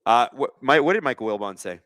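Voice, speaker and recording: A man's voice: medium pitch, lively intonation, fast talker, fairly bright tone, no echo. A man hosting a casual live sports watch-along, reading chat aloud and joking sarcastically, with plenty of swearing. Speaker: livestream host.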